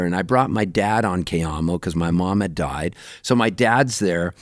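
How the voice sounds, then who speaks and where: Animated storytelling man, dry studio mic. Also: normal speed, few pauses, dry recording. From Canada, raised in Southern California. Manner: lively anecdotes, jumps up high when quoting himself, laughs often. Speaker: touring musician, guest. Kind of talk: animated storytelling in a radio interview.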